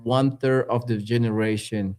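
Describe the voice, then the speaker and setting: A man co-hosting a casual political podcast, talking bluntly with halting restarts. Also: mid-range voice, fairly even intonation, darkish tone. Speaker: podcast co-host.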